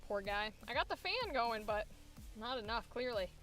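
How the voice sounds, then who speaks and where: A woman's voice: on the high side, big pitch swings, moderate pace, fairly bright tone, faint music behind. A young woman voice actor chatting to herself casually while working, muttering at her computer and swearing now and then.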